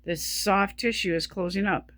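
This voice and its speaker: A woman speaking in a personal video diary, short of breath while talking, halting and stumbling with many restarts, weary and subdued. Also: medium pitch, a bit bright, no echo. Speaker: vlogger.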